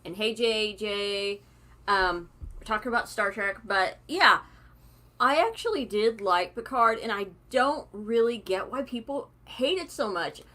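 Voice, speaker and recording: A woman's voice: mid-range voice, lively intonation, measured pace, pushed and bright. Chatty giggly young woman host. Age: young adult. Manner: giggly, chatty, cackling laugh. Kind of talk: live-stream chat.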